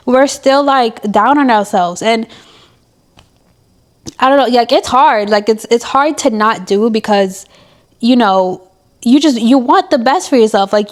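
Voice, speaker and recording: A young woman vlogger in a candid diary-style talk to camera, chatty and self-mocking as she gives an emotional pep talk. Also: a little high.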